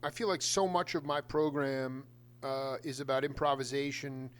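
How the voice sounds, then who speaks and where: A man's voice: mid-range voice, fairly even intonation, normal speed, smooth. A man hosting a casual interview, asking long rambling questions with enthusiasm. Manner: rambling, many fillers and restarts, enthusiastic. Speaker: host.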